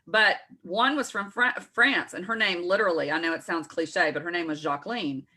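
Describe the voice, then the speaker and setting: A woman in her forties from the Southern United States, with a Texas accent, co-hosts a casual morning show, telling rambling stories full of self-correcting asides. Her voice is fairly low, bright and forceful, at a normal speed.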